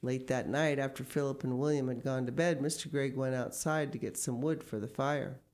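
A woman's voice: extremely low pitch, a little mellow. A woman reading a children's story aloud expressively, with casual asides. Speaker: story reader.

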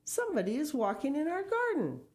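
A woman's voice: high-pitched, wildly swooping pitch, a little fast, darkish tone, voice pushed up. A woman voicing an eager little boy shrunk to the size of a robin, chirping his words. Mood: excited.

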